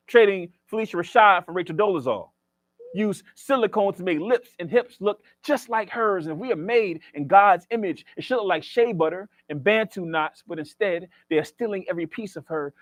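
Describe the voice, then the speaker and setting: A man delivers spoken word poems in a rhythmic cadence like a preacher. His voice sits a little high for a man. The sound is dry and close. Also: no echo. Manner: joking banter with the audience. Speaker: featured poet. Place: library reading event.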